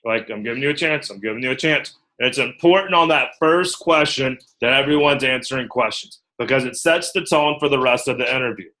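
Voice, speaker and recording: Give me an animated man coaching a small group. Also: mid-range voice, fairly quick, hardly any pauses, rough recording. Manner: animated, acts out quotes, checks in with "okay?" often. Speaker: recruiter training a team. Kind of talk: group training talk.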